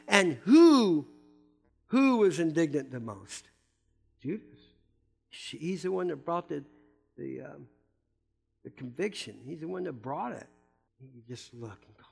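A man preaching in church with a notably high voice, animated and emphatic, slipping into casual asides to the congregation. Faint music sits underneath his sermon. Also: measured pace, gravelly, long pauses. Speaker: pastor.

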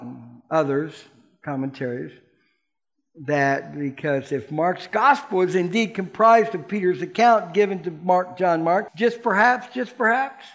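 A man preaching a sermon in a lively, playful way, asking the congregation questions and acting out the voices in the story. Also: a little high. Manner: animated, playful preaching that asks the congregation questions and acts out quotes. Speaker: pastor.

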